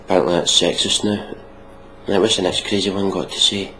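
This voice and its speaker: A man's voice: low voice, fairly even intonation, a little fast, sharp tone, a little hiss or hum, poor audio. A man giving mocking, sweary reaction commentary on a video, ranting sarcastically.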